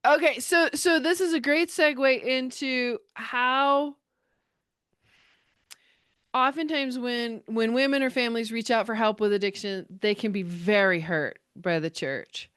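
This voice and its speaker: A woman hosting a faith podcast, affirming her guest and asking quick follow-up questions. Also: a little high, a bit bright, clear, resonant tone, no echo, studio quality. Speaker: podcast host. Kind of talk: interview conversation.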